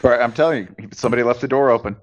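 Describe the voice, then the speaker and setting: A man's voice: medium pitch, very fast. A man co-hosting a casual sports podcast, riffing with dry sarcasm. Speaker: podcast co-host. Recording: dull lo-fi recording.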